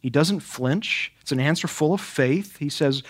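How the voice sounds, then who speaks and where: Male preacher, voice on the high side, emphatic and rhetorical, builds through repetition. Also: unhurried, hardly any pauses, breathy edge. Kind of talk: expository sermon.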